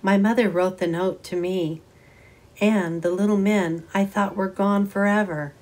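A woman reading a story aloud and voicing a sad, timid young woman who speaks softly and hesitantly. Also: mid-range voice, fairly even intonation, unhurried, voice pushed up, close to an everyday voice. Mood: sad wistful. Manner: soft, wistful, hesitant.

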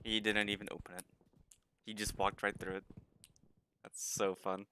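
A man's voice: fairly low pitch, level tone, normal speed, bright, forceful tone, slight background noise. A man streaming a military shooter game, chatting casually with his squad, laughing often and swearing freely. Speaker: gaming streamer.

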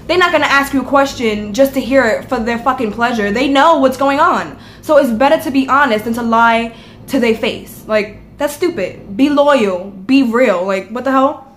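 A young woman talking to camera in a casual vlog. Her voice sits high, and she speaks in a blunt, profane, ranting way. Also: moderate pace, fairly bright tone, slight background noise. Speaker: vlogger. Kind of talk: casual chat.

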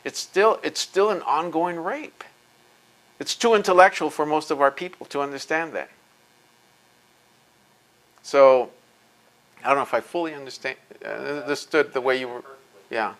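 A man's voice: a little high, moderate pace, pauses often, fairly bright tone. A man giving an impassioned lecture, intense and emphatic, blunt and profane, often repeating words as he presses his points.

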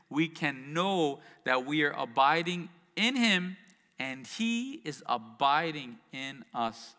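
This pastor preaches in a fairly high, bright, forceful voice, expressive and slow, shifting between reading scripture and chatty asides packed with rhetorical questions. A long reverb hangs on his words, like sound filling a church hall.

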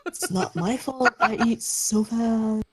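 A woman's voice: on the high side, slow pace, breathy edge. A woman voicing a laid-back teenage demon boy with a lazy, mumbling drawl.

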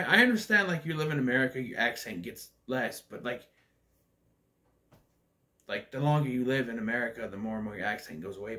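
A man's voice: mid-range voice, pushed and bright. A man giving a casual, opinionated movie review, blunt and ranting, with swearing, loose fillers and restarts.

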